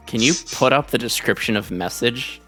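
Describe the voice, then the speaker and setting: A woman narrating a tabletop role-playing game as game master, chatty and relaxed with many fillers. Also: a bass voice, moderate pace, faint music behind.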